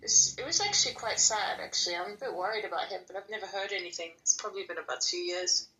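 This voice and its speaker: A woman chatting casually and candidly, dropping swear words as she talks. Her voice is bright and clear, at a middle pitch. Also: fast, slight background noise, low-quality recording. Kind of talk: casual chat.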